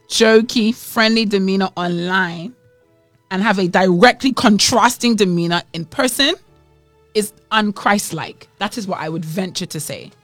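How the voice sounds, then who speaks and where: A woman's voice: mid-range voice, fairly bright tone, no room sound. A woman with a British accent co-hosting a casual Christian chat, teasing and sometimes preachy. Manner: playful, teasing, preachy asides.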